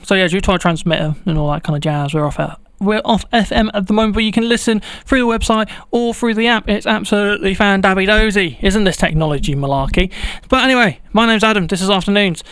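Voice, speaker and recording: A man's voice: high voice, fairly even intonation, fast, hardly any pauses, fairly bright tone, smooth, no room sound. A man presenting a local radio show in chatty, playful links from a small studio. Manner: breezy, playful slang. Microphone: studio microphone.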